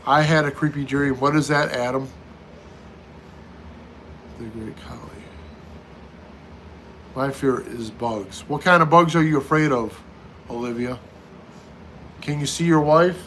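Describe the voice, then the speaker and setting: A man's voice: medium pitch, a little slow, pauses often, a bit bright, slight background noise. A middle-aged man hosting a casual livestream, reading viewer comments aloud and answering each one in turn. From United States. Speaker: livestream host.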